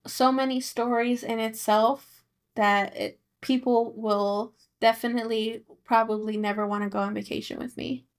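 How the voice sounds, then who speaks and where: A young woman co-hosting a casual podcast with her mother. She speaks insistently, repeating herself and restarting her sentences. Her voice sits a little higher than most. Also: level tone, normal speed. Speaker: podcast co-host, daughter. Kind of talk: casual chat.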